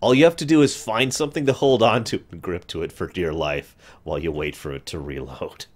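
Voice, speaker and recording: A man chatting through a game playthrough, self-deprecating and quick to laugh. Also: on the low side, very animated. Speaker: gamer commentator. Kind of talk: let's-play commentary.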